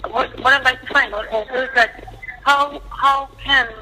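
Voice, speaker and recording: A woman calls in over a phone line with a faint hiss behind her. She speaks hesitantly and keeps pausing and saying um, her pitch a little high. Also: steady tone. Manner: hesitant, many ums. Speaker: caller.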